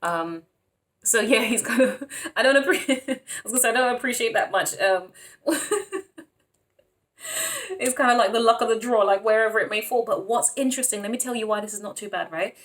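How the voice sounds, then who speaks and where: Excitable woman reading tarot. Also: on the high side, brisk. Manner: excitable, laughs often, calls viewers honey and darling. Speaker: tarot reader. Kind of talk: casual tarot reading to camera.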